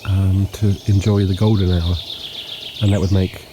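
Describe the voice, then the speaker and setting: A man with hay fever, sniffling and clearing his throat, casually narrating a walking tour outdoors at dawn. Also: low-pitched. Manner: relaxed, unhurried, frequent ums and pauses. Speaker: homestead vlogger. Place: outdoors in a countryside yard at dawn. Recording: faint outdoor noise with birds. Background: birdsong and insects.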